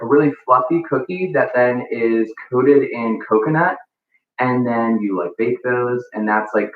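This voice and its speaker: A man talks through a baking demo in a relaxed, rambling way, filling pauses with ums and likes. He is some way off the mic in an echoey room, and the sound is thin and phone-like. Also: mid-range voice, distant mic. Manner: casual, chatty, many ums and likes. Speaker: baking instructor. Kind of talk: live cooking demonstration.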